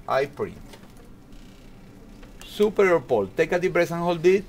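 A man giving a calm, step-by-step ultrasound demonstration in an exam room, with non-native English phrasing. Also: on the high side, a little slow, pauses often, noisy background. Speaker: ultrasound instructor.

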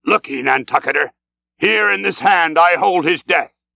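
A man's voice: fairly high pitch, normal speed, creaky, bright, forceful tone, dry recording, pitched above the performer's own voice, exaggerated voice. A man reading the part of an obsessed old whaling captain, grim and weighty, swinging from bellowed orders to weary murmurs. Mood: commanding.

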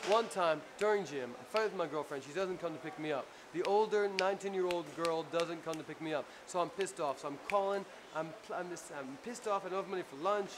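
A man with a New Jersey accent telling a rambling, profane story in a casual, animated way after a show. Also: high-pitched, brisk, hardly any pauses. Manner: profane, rambling, animated anecdote with acted-out quotes. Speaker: punk band frontman telling a story. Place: crowded club after a show. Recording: noisy live club recording.

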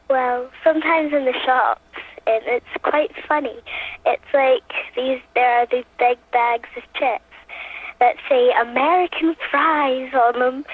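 A woman calling in to a radio show by phone, talking in a hesitant, giggly way. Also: high-pitched. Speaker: guest on the phone. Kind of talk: casual phone interview. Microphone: telephone. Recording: tinny phone line.

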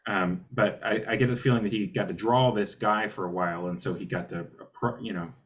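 A man co-hosting a comics podcast in casual chat, laughing often and pausing to restart his thoughts. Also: fairly low pitch, steady tone.

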